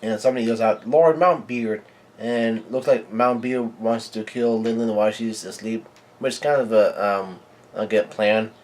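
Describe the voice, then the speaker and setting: A man hosting his own channel, reading a comic chapter aloud live and reacting as he goes, with halting delivery full of fillers and restarts. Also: lowish voice, little pitch movement.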